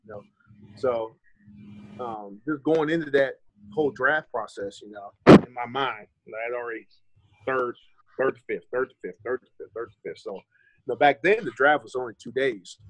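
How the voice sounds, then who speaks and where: A man in his thirties from the States talks through his past in a loose, candid way, dropping the odd curse and slipping into the voices of people he remembers. His voice sits at an ordinary pitch for a man. The sound is close and dry, with no room around it. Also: moderate pace, no echo, low-quality recording. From United States. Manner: candid and loose, swears freely and acts out remembered conversations. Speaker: former pro running back, podcast guest. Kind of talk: casual storytelling interview.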